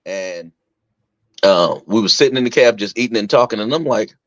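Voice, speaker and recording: A young man talks casually and swings up high whenever he acts out what someone said. He laughs through his stories. The recording is dry and a bit muffled. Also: moderate pace, no room sound. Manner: animated storyteller, acts out quotes in a higher voice, laughs often. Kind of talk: casual chat.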